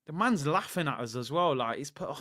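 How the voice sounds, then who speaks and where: A man's voice: fairly high pitch, lively intonation, normal speed, pushed and bright, no echo, clean studio sound. A young man hosting a live football watchalong, ranting heatedly and reading out viewer messages. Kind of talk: live reaction commentary.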